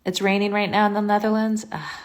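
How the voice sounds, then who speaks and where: A woman's voice: medium pitch, little pitch movement, fairly quick. A woman hosting a casual livestream from home into a phone, chatty and scattered, reading viewer comments aloud and answering them.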